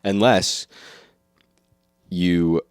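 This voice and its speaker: A man co-hosting a comedy podcast, low-key and deadpan as he riffs on made-up products. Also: extremely slow, smooth, no echo, studio quality. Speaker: podcast co-host. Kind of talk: improvised comedy banter.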